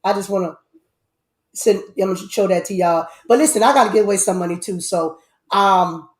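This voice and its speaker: A woman hosting a casual live-stream chat, animated, with loud outbursts and a lot of repeating herself. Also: medium pitch, brisk. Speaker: host. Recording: echoey room.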